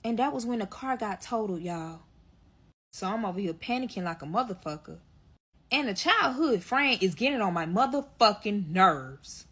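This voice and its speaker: A woman's voice: mid-range voice, lively intonation, moderate pace, a bit bright, breathy edge. A woman telling a dramatic personal story to her viewers in a storytime vlog, swearing freely and talking straight to her audience.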